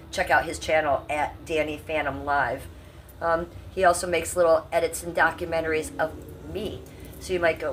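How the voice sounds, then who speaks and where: Lowish voiced woman in her 50s chatting to her stream chat, cussy and chatty, sits back a bit from the mic, faint hum behind. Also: fairly bright tone, far from the mic, low-quality recording. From Cleveland, US. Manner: chatty, salty, talks to chat. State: coughing. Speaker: livestreamer. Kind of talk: casual livestream chat.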